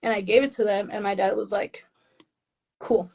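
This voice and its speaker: A woman's voice: mid-range voice, little pitch movement, quick pace, gravelly, darkish tone, low-quality recording. A woman author being interviewed, talking casually and with self-deprecating humor, laughing often and slipping Spanish phrases into her English. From Mexican family, raised in the US.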